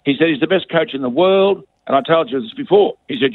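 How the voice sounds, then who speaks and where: A man's voice: a little high, lively intonation, quick pace, hardly any pauses. An older man giving blunt, scathing radio commentary as a guest, heard over a phone line. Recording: dry tinny phone line.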